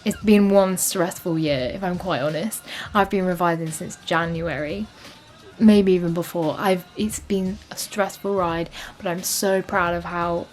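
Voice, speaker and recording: A woman's voice: lowish voice, steady tone, measured pace, soft background music. A young woman, talking casually to camera in a rambling, chatty way full of fillers. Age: young adult. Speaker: vlogger. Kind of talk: casual vlog chat.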